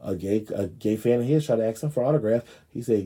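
A man's voice: fairly low pitch, fast, mellow, breathy edge. A man hosting a show, giving brash, profane, gossipy commentary in a sassy comic style. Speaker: show host.

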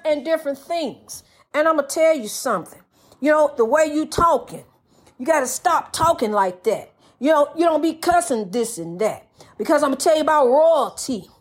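An older woman giving spiritual advice in a folksy, preachy monologue, repeating phrases and calling the listener honey. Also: sits high.

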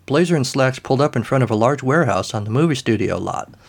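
A male narrator reading a comic story in a dry, deadpan way, his voice sitting at a middling pitch. The delivery stays scripted and even. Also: quick pace, vocal fry.

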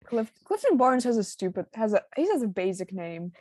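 A woman's voice: fairly high pitch, sing-song, a little fast, a little mellow, slightly rough, no echo, studio quality. A young woman, writer and voice actor of an audio drama, chatting bluntly and laughing with her cast. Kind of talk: casual behind-the-scenes banter.

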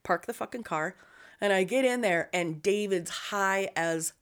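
A woman's voice: medium pitch, a little slow, clear, resonant tone. A woman telling a story in casual chat, swearing a lot and acting out the voices of the people in it. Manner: profane, animated storytelling; acts out quoted voices.

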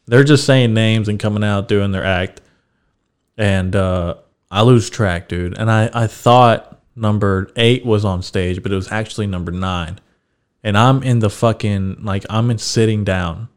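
A young man with a fairly low, smooth voice tells a story on a podcast, loose and unhurried. He's a casual, chatty, laid-back host who swears freely and laughs through his stories.

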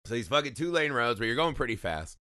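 A man from Indiana spins a wild story in casual podcast talk, swearing freely and laughing along. His voice is bright and forward, and the recording is dry and close. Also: medium pitch, fast, no echo. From Indiana, USA. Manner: profane, animated storytelling with frequent laughs. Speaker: podcast co-host. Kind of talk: casual chat.

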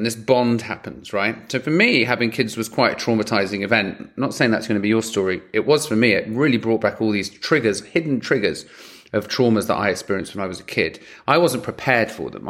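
A man co-hosting a podcast in casual chat, animated and emotional, swearing freely. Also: on the low side. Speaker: podcast co-host.

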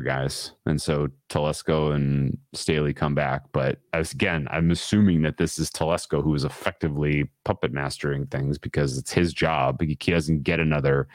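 Very deep-voiced man breaking down football. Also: dry recording, clean studio sound. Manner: analytical and opinionated, with many restarts. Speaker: sports podcast host. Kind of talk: casual sports analysis chat.

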